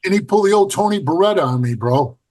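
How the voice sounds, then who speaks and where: A middle-aged man with a somewhat high, husky voice tells stories in a blunt, profane way. He acts out what others said to him with lively swings in his voice. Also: fast talker. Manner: blunt, profane, animated storyteller acting out quotes. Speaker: podcast guest, former biker club member. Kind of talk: casual storytelling interview.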